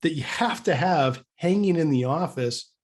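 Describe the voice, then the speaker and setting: A Canadian man co-hosting a podcast tells a story casually, his voice a little high and his pace moderate. He's an animated storyteller who acts out the quoted dialogue, restarting often and stammering through repeats.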